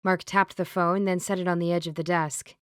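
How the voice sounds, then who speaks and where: Woman narrator, audiobook reading, somewhat low voice, dry close sound. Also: little pitch movement, fairly quick, smooth, dry recording.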